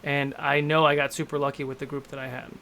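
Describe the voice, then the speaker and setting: A man's voice: on the high side, level tone, fast talker, bright, forceful tone. A man in his thirties, a game master and show host, talking candidly in a rambling, self-deprecating way in a casual panel discussion.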